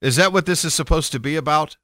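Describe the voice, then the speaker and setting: A man giving an irreverent, sarcastic rant, animated and stammering as he goes. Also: on the high side, quick pace, no echo, clean studio sound. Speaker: commentator.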